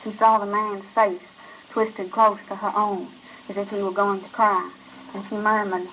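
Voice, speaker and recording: A woman's voice: mid-range voice, flat delivery, normal speed, sharp tone, a little hiss or hum, rough recording. Woman reading a short story. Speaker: reader. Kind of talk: scripted narration of a short story.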